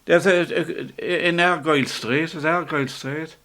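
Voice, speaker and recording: An older man with an Irish accent, reminiscing in a relaxed, rambling way, often stopping to restart and chuckling as he talks. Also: on the high side, normal speed. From Ireland. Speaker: interviewee. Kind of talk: casual reminiscing.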